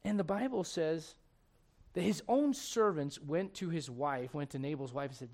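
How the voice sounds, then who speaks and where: A man's voice: a little high, moderate pace, darkish tone. A man, preaching a sermon in a conversational, storytelling way full of rhetorical questions.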